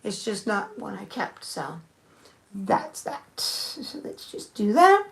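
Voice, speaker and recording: A woman's voice: mid-range voice, very animated, slow, vocal fry. A young woman thinking aloud in a rambling, casual live-stream chat, answering viewers with many restarts. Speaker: nail art streamer.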